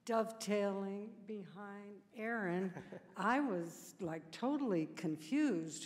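A woman from the audience asks a long, meandering question at a conference, stopping and restarting as she goes. The sound is reverberant, like a large hall. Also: medium pitch. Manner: rambling, halting, laughing self-consciously. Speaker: audience member asking a question.

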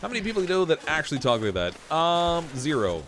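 A man's voice: fairly high pitch, sing-song, fast talker, fairly bright tone, a little hiss or hum. Chatty Canadian man laughing with chat. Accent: Southern Ontario Canadian. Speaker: gaming streamer. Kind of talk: casual gameplay commentary with live chat.

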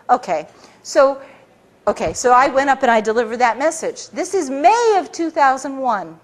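Woman, high voice, public talk, animated storytelling, frequent restarts. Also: normal speed. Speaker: public speaker and author.

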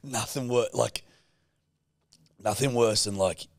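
A man's voice: medium pitch, slow, no room sound, clean studio sound. A man with an Australian accent co-hosting a podcast, a blokey country type who swears freely and cracks puns. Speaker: podcast co-host. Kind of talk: casual chat.

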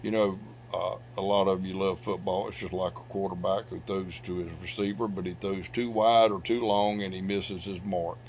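Middle-aged pastor, low-pitched, preaching with loud swells and hushed drops, faint hum under it. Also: male voice, steady tone, moderate pace. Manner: preaching with loud bursts of emphasis and sudden drops to quiet. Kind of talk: sermon. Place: church sanctuary.

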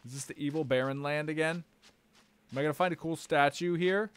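A young man streaming a game live, swearing and reacting loudly to what happens on screen. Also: fairly high pitch, brisk, clean tone.

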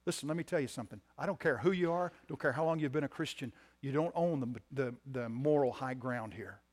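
Preaching a sermon to his congregation in the church sanctuary, a mid-range-voiced pastor repeats his key phrases and alternates between quiet passages and loud, emphatic declarations.

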